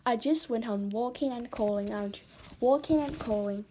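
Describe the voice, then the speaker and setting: A woman reading a children's novel aloud with slow, expressive storytelling. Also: on the high side, slight background noise. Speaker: storybook reader.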